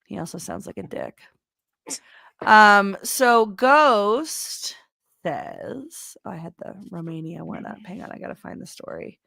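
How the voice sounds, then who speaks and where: A woman's voice: fairly low pitch, creaky, fairly bright tone, no room sound, studio quality. A woman co-hosting a news talk show, giving casual, sarcastic commentary and trailing off while she searches for stories.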